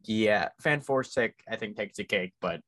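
A man's voice: lowish voice, unhurried, a bit bright, no echo, studio quality. A man co-hosting a casual movie podcast, teasing and easygoing, laughing often. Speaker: podcast co-host.

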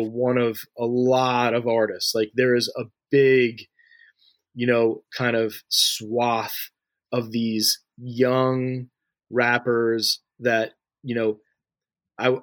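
Guy in his 30s rambling thru interview answers, flat tone, dry close sound, lots of you-knows. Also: mid-range voice, no echo. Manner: loose and talky, heavy on fillers like "you know" and "like", frequent restarts. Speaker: interview guest, music industry figure.

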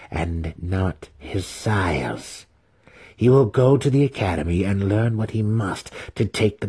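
An imperious dark elf matriarch, read by a man speaks with cold, measured control. The voice is deep, dark and husky. A storybook queen who threatens without raising her voice.

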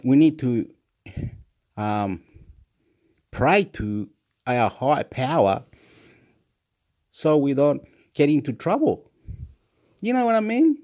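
Male vlogger, rambling excitable monologue, very animated pitch. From Australia. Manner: rambling, excitable, laughs at himself, shifts pitch a lot.

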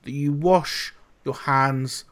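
A man co-hosting a casual podcast, telling animated, sweary stories. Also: mid-range voice, takes it slowly. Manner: animated storytelling, heavy swearing. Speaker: podcast co-host. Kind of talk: casual chat.

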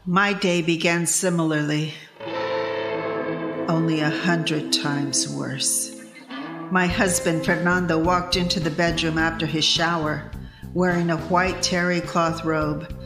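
A woman's voice: low voice, fairly even intonation, slow, roomy sound, music in the background. A woman narrating a scripted audio story in a dry, wry, matter-of-fact way.

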